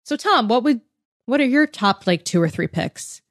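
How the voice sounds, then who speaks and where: A woman's voice: a little high, expressive, moderate pace, no room sound, clean studio sound. A woman co-hosting a podcast, chatting casually and laughing often as she reads out listener comments. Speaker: podcast co-host. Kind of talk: casual chat.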